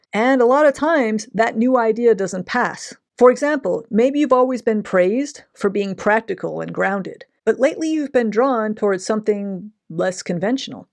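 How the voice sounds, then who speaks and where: A woman hosting a self-help video who talks in a calm, measured way and speaks straight to the listener. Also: mid-range voice.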